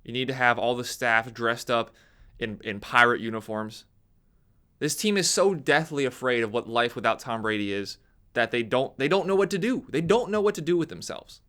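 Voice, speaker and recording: Animated, bright-voiced young man ranting. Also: medium pitch, moderate pace. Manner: animated, ranting, voice leaps up when mocking others. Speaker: sports commentator. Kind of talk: opinionated sports talk monologue.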